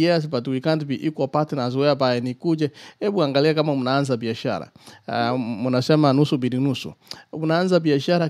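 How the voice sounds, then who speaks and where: A man giving deliberate political commentary over a remote call, switching between Swahili and English. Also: mid-range voice, a little mellow. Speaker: guest commentator.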